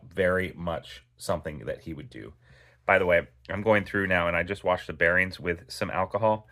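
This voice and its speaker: A man's voice: sits low, a bit bright. A man hosting a knife channel, chatting casually and rambling through a story while he cleans a knife. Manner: rambling and conversational, with many fillers.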